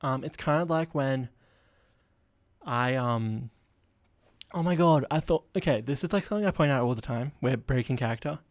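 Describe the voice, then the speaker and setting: A man's voice: mid-range voice, expressive, normal speed, pauses often. A man hosting a casual solo podcast, rambling, giggling and running himself down. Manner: rambling, giggly and self-deprecating.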